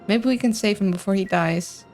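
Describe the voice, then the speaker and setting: A woman streaming a video game live, chatting in an excitable, rambling way with a mixed accent that is hard to place. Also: medium pitch, normal speed, soft background music. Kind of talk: live gameplay commentary, reading chat.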